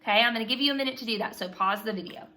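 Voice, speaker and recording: A woman teaching a phonics lesson to young children, patient and slow, prompting them to repeat sounds after her. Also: a little high, bright, forceful tone.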